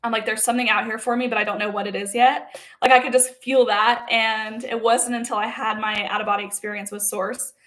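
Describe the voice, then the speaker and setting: A woman's voice: fairly high pitch, little pitch movement, brisk, fairly bright tone. A young woman talking straight to camera in a casual, blunt and profane monologue, stressing points and checking in with the listener. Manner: blunt and profane, emphatic with frequent "okay?" check-ins. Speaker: spiritual content creator.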